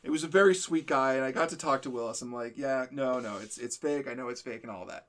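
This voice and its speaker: A man co-hosting a stream, telling stories in a casual chat, animated, often laughing and acting out what people said. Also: mid-range voice, fast talker. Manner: animated storyteller, laughs often, acts out quotes. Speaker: stream co-host.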